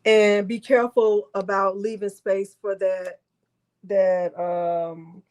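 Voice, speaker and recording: Lady crafter doing a live how-to, rambly and chatty, lots of ums, middle pitch. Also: flat delivery, takes it slowly, darkish tone. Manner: chatty, rambling, many fillers and restarts. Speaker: crafting host.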